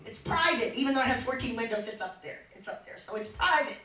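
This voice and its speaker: High, bright-voiced woman preaching fervently. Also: animated, fast talker. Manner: impassioned, swings from quiet storytelling to shouting. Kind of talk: sermon. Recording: echoey church from far off.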